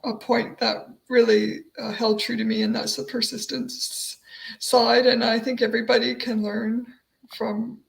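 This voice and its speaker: A woman co-hosts a live online panel, her slightly high voice gravelly with fry. She talks haltingly and fills the gaps with uhs and ums. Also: level tone, low-quality recording. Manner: halting, many filler words. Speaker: co-host.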